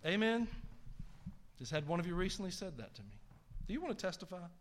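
A man's voice: high voice, sing-song, fairly quick, slight background noise. A middle-aged man with a Southern US accent, preaching a sermon as pastor, emphatic and folksy. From American South.

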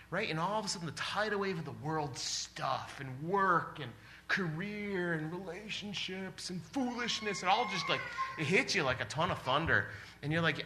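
A man in his forties preaching a sermon in a church, animated and exclamatory, often laughing. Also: a little high, moderate pace. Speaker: pastor. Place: church sanctuary.

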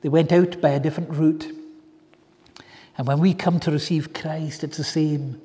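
A man preaching a sermon with fervent, drawn-out pleading exclamations, in a church hall. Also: on the high side, fairly even intonation, mellow. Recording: echoey hall with long reverb.

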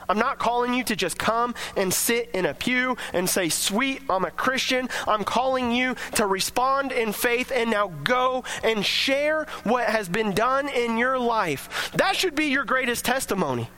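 A man preaching a sermon to a church congregation, emphatic and energetic. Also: very high-pitched, normal speed. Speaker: pastor.

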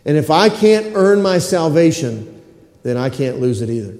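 Echoey, warm-voiced man preaching a sermon. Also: a little high, big pitch swings, normal speed. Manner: emphatic, repetitive, asks the congregation for responses. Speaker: pastor. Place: church sanctuary. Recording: echoey hall reverb.

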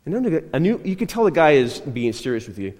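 A man's voice: on the high side, big pitch swings, brisk, darkish tone, long reverb tail. A man preaching a conversational sermon as pastor, telling a personal story, repeating himself and often checking in with the congregation. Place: church.

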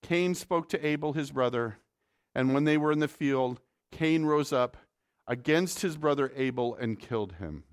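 A man's voice: medium pitch, normal speed, smooth. A male pastor preaching a sermon in a conversational way, often asking the congregation rhetorical questions.

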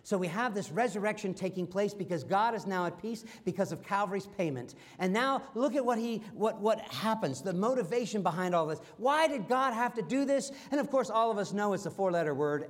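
Preaching as pastor, a middle-aged man moves from booming, emphatic statements to gentle, slow whispers, his high voice remaining expressive throughout.

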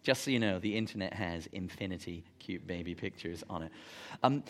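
A man's voice: low voice, brisk. A man preaching a sermon to a congregation, talking conversationally and emphatically and putting questions to the room. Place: church gathering room.

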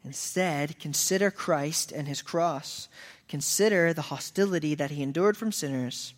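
A man's voice: on the high side, measured pace. A man preaching a sermon as pastor, earnest, raising his voice for emphatic quoted lines. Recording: long reverb of a hall.

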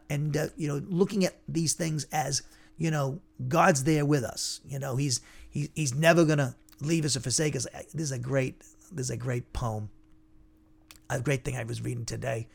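A man's voice: a little high, fairly even intonation, moderate pace, vocal fry. A man teaching an informal Bible lesson, conversational and digressive, thinking aloud as he goes.

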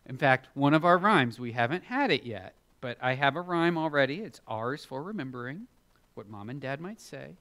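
A man giving a children's sermon, animated and expressive, acting out Bible characters in playful voices. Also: medium pitch, normal speed. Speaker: children's preacher.

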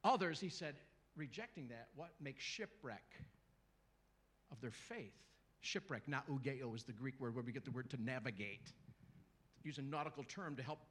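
Middle-aged man, guest preacher, husky voice, lively swooping pitch, jokes and calls out to the congregation. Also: normal speed. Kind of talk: sermon. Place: church in front of a congregation.

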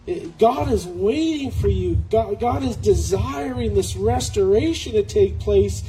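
Earnest high-voiced male preacher. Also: lively intonation, background noise. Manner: earnest, slows for scripture, frequent restarts. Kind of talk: sermon.

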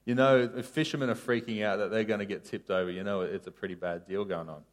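A man preaching a casual sermon, telling a story with sharp rises and drops in his voice. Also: on the low side, quick pace. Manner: animated storytelling, voice rising and falling sharply.

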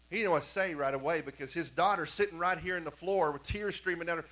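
A man preaching a sermon in a church, telling stories and swinging from hushed tones to emphatic repetition. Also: on the high side, fast, hardly any pauses, rough recording. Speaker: pastor. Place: church sanctuary.

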